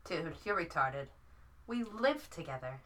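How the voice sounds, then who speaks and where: A woman's voice: sits low, very animated, measured pace, a bit bright, full character voice. A woman reading a smug, teasing young man. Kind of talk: reading dialogue aloud from a story.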